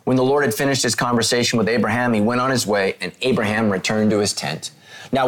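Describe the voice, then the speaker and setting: Man preaching an animated sermon. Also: mid-range voice. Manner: animated storytelling, reads scripture lines slowly and paraphrases them casually; talks directly to listeners, asks them to take notes.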